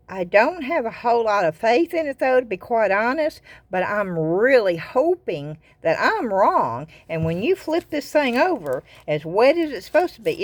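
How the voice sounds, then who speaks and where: In a craft vlog with no room sound, an older woman of medium pitch and a Southern US accent talks casually. She rambles along, frequently repeating words.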